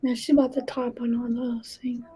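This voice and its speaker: Playful female co-host, slightly high, mellow tone. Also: little pitch movement, moderate pace, faint music behind. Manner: playful, teasing, giggly. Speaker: stream co-host. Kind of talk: casual live chat.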